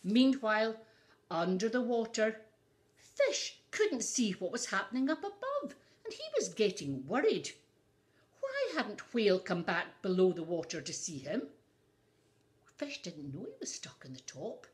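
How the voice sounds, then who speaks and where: Woman storyteller, unhurried, sing-song read-aloud for children. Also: medium pitch. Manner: slow, lively, asides to young listeners. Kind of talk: reading a picture book aloud to children.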